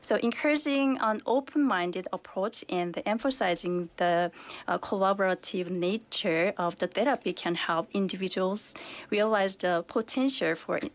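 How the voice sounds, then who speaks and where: A woman therapist, a native Korean speaker, explaining calmly as a radio guest. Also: medium pitch, moderate pace. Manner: calm, explanatory, with restarts. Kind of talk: radio interview. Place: radio studio.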